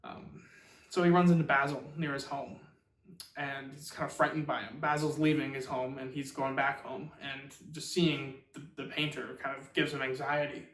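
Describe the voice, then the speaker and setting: A man's voice: medium pitch, moderate pace. Man, book channel host, casual rambling summary, lots of fillers, echoey room, distant mic. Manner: rambling, filler-heavy, animated retelling. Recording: roomy echo, far from mic.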